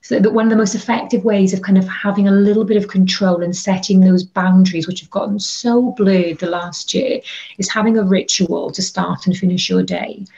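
A woman talks through practical burnout advice in an animated, chatty way, full of ums and little asides. She sits on her bed for an interview, and the audio comes through slightly dull and lo-fi. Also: medium pitch, a little fast, creaky. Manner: chatty, animated advice-giving with many fillers. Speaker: wellbeing and burnout coach. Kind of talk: interview conversation. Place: bedroom.

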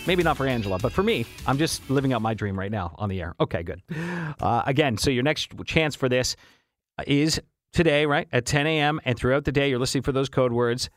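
A man hosting a morning radio show, chatting casually and reading listener texts aloud with an upbeat, easily amused manner. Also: on the high side. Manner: chatty and upbeat, laughs easily, frequent restarts. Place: radio studio. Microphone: studio microphone.

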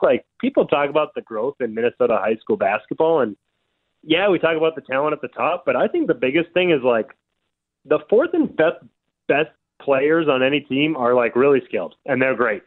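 Male sportswriter guest, phone-line audio, dry and narrow, relaxed analytical talk. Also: mid-range voice, dry recording. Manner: relaxed, analytical, many fillers like "like". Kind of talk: radio phone interview.

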